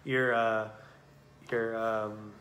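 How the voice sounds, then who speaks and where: A man's voice: fairly low pitch, level tone, extremely slow, a bit bright, slight background noise. A young man co-hosting a podcast, talking casually in a rambling, profane way, full of fillers like "you know what I mean". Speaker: podcast co-host. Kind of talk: casual chat. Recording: echoey room.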